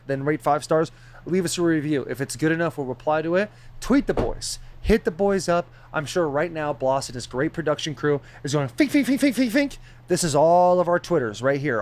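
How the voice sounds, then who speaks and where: A male podcast co-host with a somewhat high voice talks in a loud, joking, rambling way. His casual banter and plugs keep rolling from one quip to the next.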